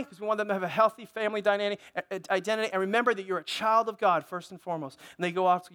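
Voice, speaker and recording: A middle-aged man preaches a sermon in an unusually high voice for a man. He delivers it with fervor and keeps asking his congregation for an amen. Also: steady tone, rapid-fire, few pauses, a bit bright, clear, resonant tone. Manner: impassioned, calls for amens from the congregation. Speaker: pastor.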